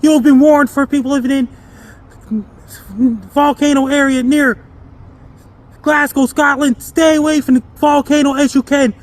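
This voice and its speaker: A man giving a repetitive, earnest weather warning and then listing his social media handles in the same even tone. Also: very high voice, a little slow, pauses often. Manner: repeats warnings and dates, flat delivery. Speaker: amateur weather forecaster.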